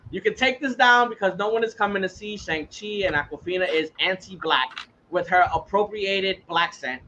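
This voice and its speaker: Bright-voiced man on a heated profane rant. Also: sits high, moderate pace, muffled recording, slight background noise. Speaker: podcast host. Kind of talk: casual podcast chat.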